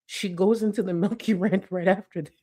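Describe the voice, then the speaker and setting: A woman's voice: fairly quick, husky. A woman host giving casual commentary on a livestream clip, talking loosely and jumping up into exaggerated exclamations. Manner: animated, swings into exaggerated high exclamations; laughs through lines.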